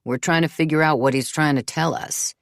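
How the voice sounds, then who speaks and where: A woman's voice: deep voice, fairly quick, gravelly, no echo. An exasperated father in an audiobook who speaks in firm, clipped commands, read by a woman. The sound is dry and close. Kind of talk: audiobook character reading.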